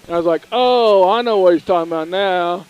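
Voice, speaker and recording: Man, middle-aged, high pitch, folksy animated storyteller, casual broadcast chat. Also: fast talker, clear, resonant tone, lo-fi sound. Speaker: radio sports co-host.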